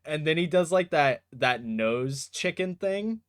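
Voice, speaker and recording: A man narrating a tabletop role-playing game as game master, in a casual, animated way. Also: fairly high pitch, a little slow, smooth.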